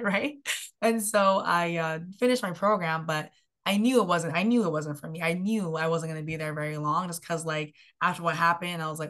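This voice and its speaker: Young woman, podcast guest, coach, lowish voice, animated storytelling, lots of "like". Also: a little fast. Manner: animated storyteller, filler-heavy with frequent "like". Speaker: guest, health and mindset coach. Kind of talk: personal story in a podcast interview.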